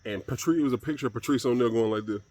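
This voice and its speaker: A man on a solo commentary channel with a voice of ordinary middle pitch for a man. He talks bluntly and profanely, in a tone of steady exasperation. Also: rapid-fire.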